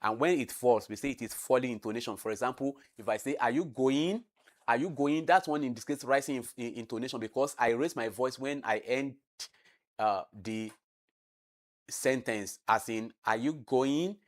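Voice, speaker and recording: A man's voice: medium pitch, normal speed. A man explaining exam questions in a lesson, repeating key terms and demonstrating intonation aloud. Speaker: teacher.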